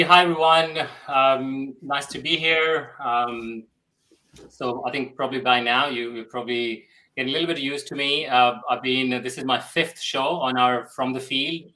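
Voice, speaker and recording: A man's voice: medium pitch, sharp tone, low-quality recording. A man co-hosting a casual webinar, talking hesitantly with many fillers over a video call. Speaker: solutions architect and co-host.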